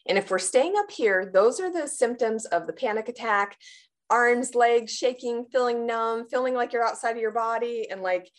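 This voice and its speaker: Woman, trauma therapist guest, animated explainer who gasps out panicked inner voices. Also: a little high, moderate pace. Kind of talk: explanatory interview answer.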